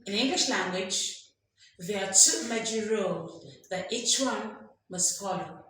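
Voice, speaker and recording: A woman's voice: mid-range voice, unhurried, sharp tone. A woman teaching an English lesson, emphatic, drilling examples aloud and quizzing her listeners. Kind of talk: classroom lesson. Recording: strong echo, faint background noise.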